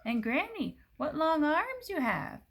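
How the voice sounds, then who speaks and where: A woman's voice: high-pitched, big pitch swings, measured pace, a bit bright, a little hiss or hum, voice pushed up, heavily acted. A woman voicing a sweet, polite little girl in a storybook, wide-eyed and prim.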